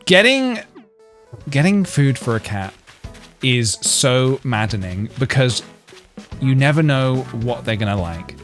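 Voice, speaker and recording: Animated man streaming a game. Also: mid-range voice, slow pace, pauses often. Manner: animated, laughs often, rambling asides. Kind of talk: casual gameplay commentary. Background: faint game music.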